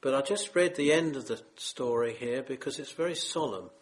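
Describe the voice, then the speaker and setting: A man's voice: mid-range voice, moderate pace. A man preaching a sermon, earnest and solemn, pleading with his listeners.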